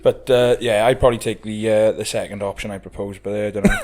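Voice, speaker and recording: A man's voice: fairly low pitch, steady tone, fast, crowd noise. A man co-hosting a podcast in casual chat, laddish, swearing freely and laughing often. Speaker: podcast co-host.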